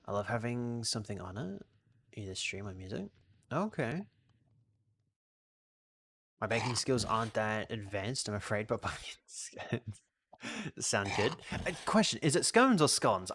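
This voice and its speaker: A man's voice: mid-range voice, a bit bright, dry recording. An Australian man streaming a game and chatting casually, rambling and restarting his sentences as he answers chat. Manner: reads out and answers chat questions. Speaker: live streamer.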